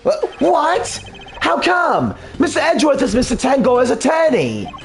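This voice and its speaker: A man voicing an excitable, eager young male assistant who sounds easily thrilled. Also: extremely high pitch, unhurried, faint music behind, pitched above the performer's own voice, full character voice. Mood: excited.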